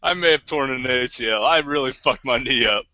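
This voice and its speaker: A man's voice: mid-range voice, brisk, sharp tone, dry recording. A man co-hosting a podcast, telling rowdy stories with laughs and swearing, voicing the people he quotes. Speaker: podcast co-host. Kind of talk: casual drunk storytelling chat. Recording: muffled lo-fi podcast mic.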